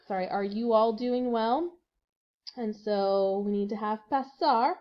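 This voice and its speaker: A woman teaching a recorded language lesson, patiently walking through exercises and spelling out words letter by letter. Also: medium pitch. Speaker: Spanish teacher. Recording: dull lo-fi recording.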